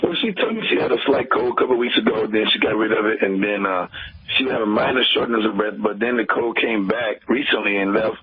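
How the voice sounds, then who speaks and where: A man calling in to a radio show, explaining earnestly and haltingly with fillers. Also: lowish voice, crowd noise. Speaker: caller. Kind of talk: phone-in call to a radio show. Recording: tinny phone line on radio.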